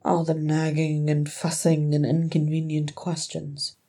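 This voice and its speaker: A woman voicing a sly male dwarf, the middle brother, in a low, wry, bitter grumble. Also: completely flat delivery, unhurried, warm tone. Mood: rueful.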